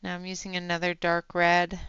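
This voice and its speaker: A woman from British Columbia with a Western Canadian accent, chatting casually as she colours on a livestream and talking softly while she works. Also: fairly low pitch, completely flat delivery, brisk, clean tone, dry recording, highs cut off.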